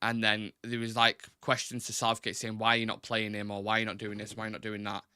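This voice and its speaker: Swearing freely and chatting away, a young man hosts a casual football podcast and gets rattled by technical problems. He speaks quickly in a lowish monotone with a bright, forceful, clean tone. The sound is studio quality with no echo.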